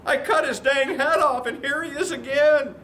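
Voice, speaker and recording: A man's voice: extremely high pitch, fairly even intonation, normal speed, bright, forceful tone, slight background noise, voice pushed up. A man voicing a rattled ancient king who reacts in a flippant, exclaiming, slangy way. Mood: alarmed.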